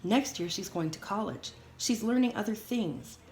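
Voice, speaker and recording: Woman reading as a quiet, patient mother. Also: mid-range voice, animated, moderate pace, lightly acted. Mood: calm. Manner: quiet, mediating. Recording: roomy echo, faint hiss.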